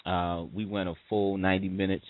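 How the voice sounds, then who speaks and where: A man hosting a talk radio show, thanking his guest and callers in a relaxed way. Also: deep voice, a little fast. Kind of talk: radio sign-off. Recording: dry, phone-like radio audio.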